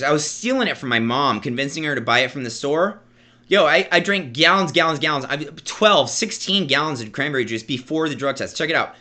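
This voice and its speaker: A man's voice: on the high side, bright, forceful tone. A man in his thirties telling a personal story in a casual vlog, rambling, stammering and repeating words as he talks to his viewers. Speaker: vlogger.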